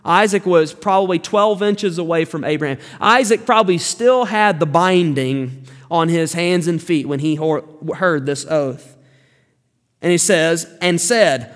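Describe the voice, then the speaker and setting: A man with a fairly high voice preaches a sermon without hurrying, emphatically repeating key phrases to give them weight. The long reverb of a large hall surrounds his voice.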